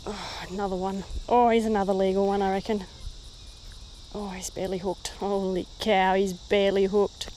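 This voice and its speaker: A woman with an Australian accent chatting casually as she fishes, talking to the fish and getting very excited over a catch. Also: mid-range voice, moderate pace, slight background noise. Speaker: fishing vlogger. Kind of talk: casual running commentary while fishing. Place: outdoors by the water in the rain.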